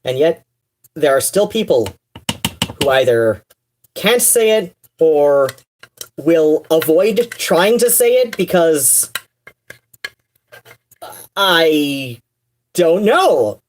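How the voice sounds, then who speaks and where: A woman's voice: low voice, very animated, extremely slow, long pauses, darkish tone, a little hiss or hum. A woman streamer chatting casually on a livestream, rambling with many fillers, restarts and wry asides.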